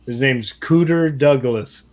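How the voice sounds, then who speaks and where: Self-deprecating comic from New York. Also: male voice, mid-range voice, takes it slowly, darkish tone. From New York City. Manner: joke-telling, self-deprecating. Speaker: stand-up comedian, guest co-host. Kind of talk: casual podcast chat.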